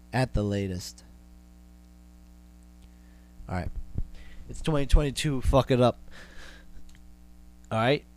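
A young adult man hosts a podcast in a fairly low, slightly mellow voice. He launches into an exasperated, profane comedic rant that keeps repeating itself.

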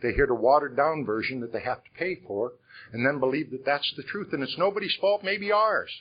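A man's voice: medium pitch, brisk, breathy edge, dull audio. An older man from Iowa telling his life story to a conference audience, conversational and frank, with rhetorical questions. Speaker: speaker at a recovery conference. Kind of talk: personal testimony talk. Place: conference hall.

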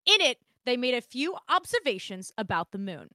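A woman co-hosting a podcast in casual chat. She reads her notes aloud, stumbles quickly over words and laughs often. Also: on the high side, big pitch swings, bright, forceful tone, dry recording, studio quality. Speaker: podcast co-host.

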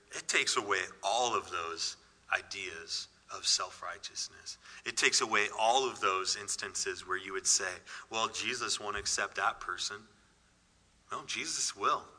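A man preaches in an earnest, conversational manner, repeating key phrases for emphasis. His voice is very bright and forceful. The sound carries the long reverb of a large hall. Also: on the low side, expressive, a little slow, husky. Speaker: pastor. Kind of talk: sermon.

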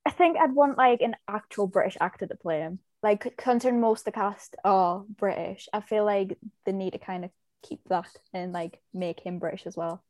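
A woman's voice: medium pitch, normal speed, hardly any pauses, darkish tone, no echo. A woman with a mid-range voice, recorded dry and close, takes part in a casual fan chat. She hedges and restarts her sentences, with fillers throughout. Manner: hesitant, filler-heavy.

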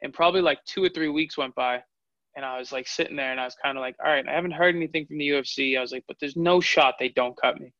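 A man's voice: a little high, quick pace, pushed and bright, dry recording. A man in his twenties, a fighter, telling his story candidly in an interview. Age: 20s. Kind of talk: interview answers. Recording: dull lo-fi audio.

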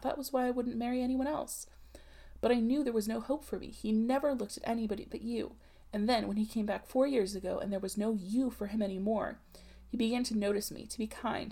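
A woman voicing a desperate young unwed mother who pleads in a hushed, tearful voice with a husky grain. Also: fairly high pitch, brisk. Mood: anguished. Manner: hushed, pleading, breaking into sobs.

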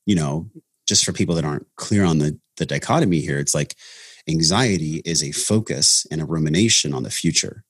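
A man's voice: a bass voice, fairly quick, husky, no room sound, studio quality. A man talking earnestly about his path into breath work in a casual podcast conversation, with many restarts. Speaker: breathwork facilitator, podcast guest.

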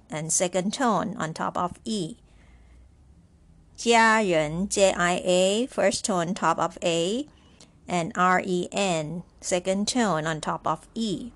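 Very slow-speaking woman teaching pinyin. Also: on the low side. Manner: spells pinyin letter by letter and repeats words. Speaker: Chinese language teacher. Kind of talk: slow, careful lesson dictation.

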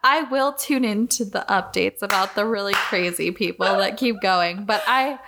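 A woman's voice: mid-range voice, normal speed, very noisy. A woman in her thirties co-hosting a podcast, telling a true crime story in casual, giggly, profane chat. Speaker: podcast co-host.

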